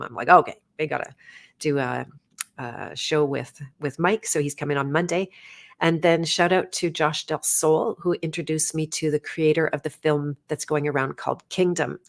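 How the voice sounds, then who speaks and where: A middle-aged woman hosting a livestream and coaching, chatting casually and rambling with frequent self-corrections. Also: low-pitched.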